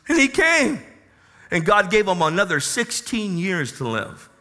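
A man preaching a sermon as a pastor, telling a personal story with passion and loud emphatic bursts. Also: high voice, sing-song, measured pace.

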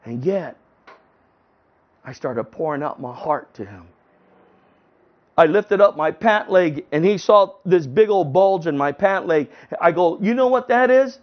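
A man telling a personal testimony in an earnest, halting way, often restarting his sentences. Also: a little high, expressive. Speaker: testimony speaker. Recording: dull lo-fi recording.

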